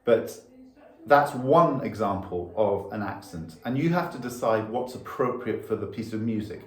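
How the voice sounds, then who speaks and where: This man gives a violin lesson, explaining bowing patiently one step at a time while showing how it's done. He speaks at a normal speed in a lowish, animated voice, and the room echoes with his violin.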